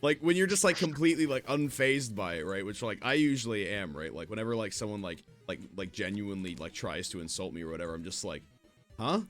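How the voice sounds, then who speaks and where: A man's voice: on the low side, lively intonation, quick pace, few pauses, soft background music. A young man in casual chat, laid-back and filler-heavy, saying "like" constantly. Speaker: streamer.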